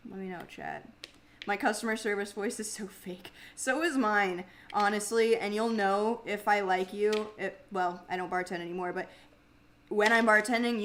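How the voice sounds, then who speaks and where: A woman's voice: fairly even intonation, normal speed, a bit bright, slight background noise. Mumbly, chatty young woman streamer. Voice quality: mumbly, grumbly low speaking voice. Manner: chatty and swears freely, laughing often. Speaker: livestream host and singer. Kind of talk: casual livestream chat reading viewer comments.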